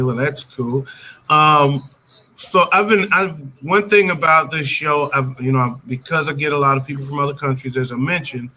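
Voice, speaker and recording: An American man hosting a casual live-stream chat over a video call, talkative and quick to laugh, often restarting sentences. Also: mid-range voice, pushed and bright, low-quality recording. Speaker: host.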